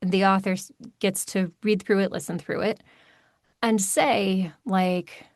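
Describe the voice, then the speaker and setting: Woman narrator, podcast guest, emphatic and quick, dry close sound. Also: mid-range voice, dry recording. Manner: animated, emphatic, quick asides. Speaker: audiobook narrator. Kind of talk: podcast interview, conversational.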